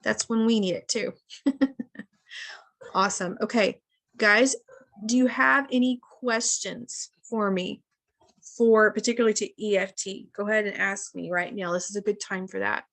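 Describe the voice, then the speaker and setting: A woman's voice: medium pitch, fairly even intonation, moderate pace, a bit bright. A woman in her thirties leading a casual live wellness session over a video call, chatty and often addressing her listeners as guys.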